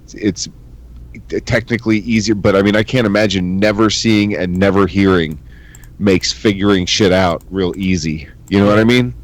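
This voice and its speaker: A man's voice: sits low, steady tone, moderate pace. A man co-hosting a podcast in crude, joking casual chat, acting out quotes. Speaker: podcast co-host.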